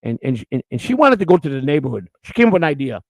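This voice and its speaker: Fast-talking older man. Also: mid-range voice, dry recording. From Chicago. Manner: animated, restarts and repeats words. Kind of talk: casual storytelling.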